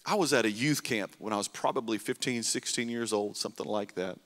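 A male pastor, preaching a sermon and telling stories, swinging between loud bursts and hushed, tender lines. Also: on the low side, a little fast. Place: church sanctuary. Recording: reverberant church hall.

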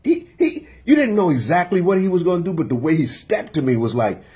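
Lively, animated male storyteller. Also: high voice, fairly quick, breathy edge. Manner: lively storyteller, laughs often, acts out both sides. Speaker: interview guest. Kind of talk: animated anecdote in a casual interview.

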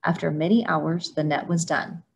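A woman reading a children's picture book aloud for storytime, in a steady storytelling manner. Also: sits low, normal speed, creaky. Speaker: storytime reader.

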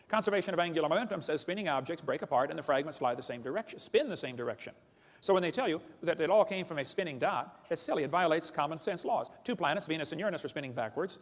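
Fast, mocking man lecturing in a hall. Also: on the high side. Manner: mocking, blunt, repeatedly calls ideas stupid; rapid-fire, addresses audience as boys and girls. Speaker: creationist lecturer. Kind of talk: seminar lecture to an audience.

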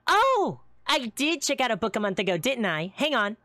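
Voicing a playful, giggly young woman who owns a seafood restaurant, she keeps things cheerful and quirky in a live roleplay. Her voice is on the high side and sing-song, pushed and bright, at a moderate pace with no echo.

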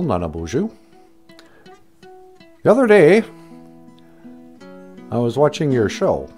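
A man doing an impression of a former male president, speaking slowly and deliberately with pauses between words. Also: fairly high pitch, a little mellow, heavily acted.

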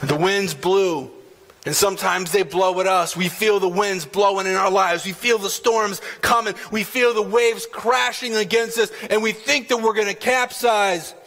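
A man's voice: high voice, steady tone, normal speed, a bit bright, faint music behind. A man preaching a sermon as pastor, emphatic, dropping in "man" and acting out quotes from scripture. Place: church sanctuary.

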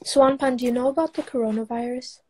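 Husky teen girl hosting a live video chat, kinda high voice, teasing everyone. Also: fairly even intonation, fast talker, darkish tone. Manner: teasing, giggly. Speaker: livestream host. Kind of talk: casual livestream chat. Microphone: video call.

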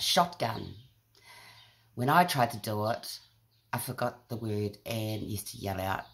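A woman's voice: rumbling low, slight background noise. A middle-aged woman with a New Zealand accent, telling self-mocking stories in a chatty vlog. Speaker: vlogger. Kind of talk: casual storytelling to camera.

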